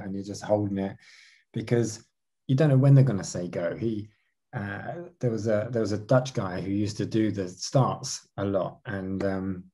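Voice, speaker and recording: A man's voice: lowish voice, dark tone, slightly rough. A man answering interview questions about his racing career, talking animatedly with many restarts. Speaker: marathon canoe racer.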